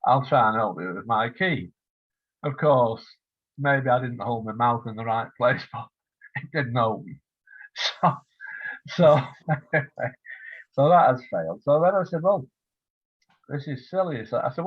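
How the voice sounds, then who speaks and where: Husky older man on a tinny line. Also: medium pitch, animated, unhurried, long pauses, no echo. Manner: rambling anecdotal telling with quoted dialogue. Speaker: interview guest, writer. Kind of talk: casual storytelling interview.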